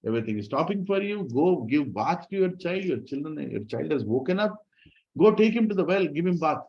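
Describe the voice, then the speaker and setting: A bossy older mother-in-law shouting orders in a voice pushed well above her natural register, as a male storyteller puts her on. She scolds and barks commands, heard through a dull, lo-fi recording. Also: fairly high pitch, lively intonation, brisk, voice pushed up. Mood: scolding.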